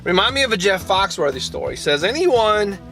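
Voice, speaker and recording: A man's voice: high voice, animated, quick pace, creaky, pushed and bright, faint music behind. A man with a Southern US accent, rambling through a casual vlog story and a phone call, often restarting and repeating words. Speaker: vlogger.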